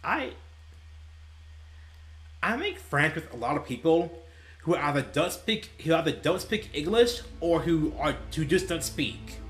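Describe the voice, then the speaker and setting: A man's voice: fairly high pitch, sing-song, unhurried, long pauses, a bit bright. A young man and gaming YouTuber telling stories casually, rambling and laughing at his own tales, with faint music behind him. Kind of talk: casual storytelling while playing.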